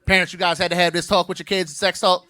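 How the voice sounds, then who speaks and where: Brash stand-up comic, bright voice. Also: male voice, high voice, flat delivery, quick pace, no room sound. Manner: brash, playful, crowd-teasing. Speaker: stand-up comedian. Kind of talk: stand-up comedy set. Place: comedy venue stage.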